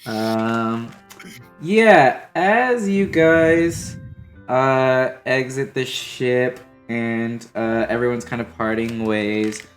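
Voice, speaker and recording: A man runs a tabletop game in a relaxed, rambling way, full of "um"s and "like"s. His voice sits at a middle pitch. Soft music plays in the background. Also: extremely slow. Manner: casual, filler-heavy, easygoing. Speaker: game master.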